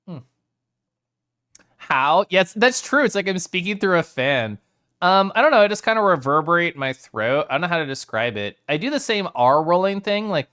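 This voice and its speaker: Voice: medium pitch, a bit bright, clean tone. A streamer chatting casually with live chat, playful, reading messages aloud and often rolling R's and making vocal sounds.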